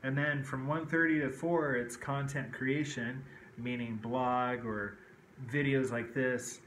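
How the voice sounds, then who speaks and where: A man talking casually to his viewers at a middle pitch, rambling from one thought to the next. The room sounds echoey, with a faint hum of ambience behind him. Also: fairly even intonation, slow, a bit bright. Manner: rambling, frequent "okay" and "kinda like". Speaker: vlogger. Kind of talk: casual personal talk to camera. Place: indoors at home.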